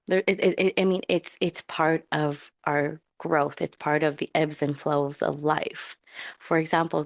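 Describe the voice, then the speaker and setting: Low-voiced woman podcasting casually. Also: dry recording, studio quality. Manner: rambling, self-correcting, candid. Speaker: podcast host. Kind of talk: casual solo podcast talk. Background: dog on her lap.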